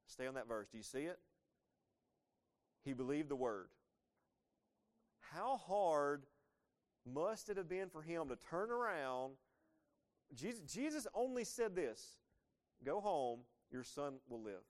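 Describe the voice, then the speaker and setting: A man's voice: a little high, big pitch swings, slow, pauses often. A man in his thirties preaching a sermon, talking conversationally and asking the listeners rhetorical questions. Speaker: pastor.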